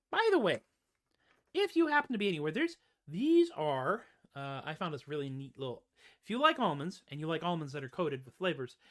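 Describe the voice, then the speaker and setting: A man's voice: on the high side, a bit bright. A man, hosting a music show and chatting casually in a rambling, self-deprecating way. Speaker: musician host. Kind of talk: casual chat.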